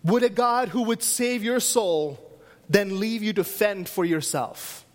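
A man delivers a sermon from the pulpit of a church. His voice sits unusually high for a man, and he presses his message through emphatic repetition, echoing key phrases again and again. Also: slow pace. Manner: emphatic preaching with repeated refrains. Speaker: pastor.

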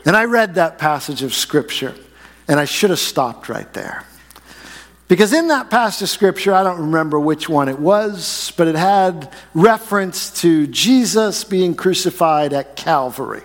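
A man in his forties preaches in a church sanctuary with a slightly high, conversational voice, tossing questions to the pews and drawing out key words. A long reverb hangs after each phrase. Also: expressive. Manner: conversational, asks the congregation questions, slows to stress key phrases. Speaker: pastor. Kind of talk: sermon with jokes and a story.

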